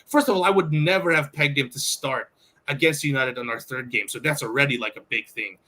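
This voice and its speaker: Bright-voiced, excitable podcast co-host man. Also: medium pitch, fairly quick. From outside the US. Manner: excitable, rambling, many fillers. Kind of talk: casual sports chat.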